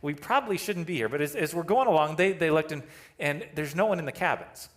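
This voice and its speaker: A man's voice: fairly high pitch, fast talker. A male pastor preaching a sermon, telling a story with self-deprecating humor and laughing at himself. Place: church sanctuary.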